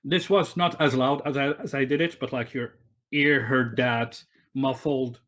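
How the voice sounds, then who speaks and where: A man's voice: mid-range voice, steady tone, unhurried, fairly bright tone. A man running a tabletop game over a voice call, narrating loosely with many fillers and restarts. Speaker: game master. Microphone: online voice call.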